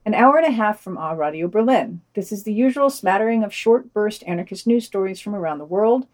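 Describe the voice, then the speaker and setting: A woman co-hosting a podcast offers reviews and casual discussion in a wry, hesitant way, often restarting her thoughts. She's a little off-mic and recorded from a distance, her medium-pitched voice animated, brisk and a little mellow.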